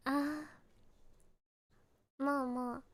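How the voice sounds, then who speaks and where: A young woman streamer chatting casually and playfully, giggling as she answers her chat. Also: sits high.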